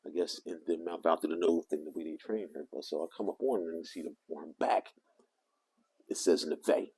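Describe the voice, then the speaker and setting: Gravelly low-voiced older man telling a story. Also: fairly quick. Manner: animated, meandering, self-correcting. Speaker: vlogger. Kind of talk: rambling anecdotal storytelling.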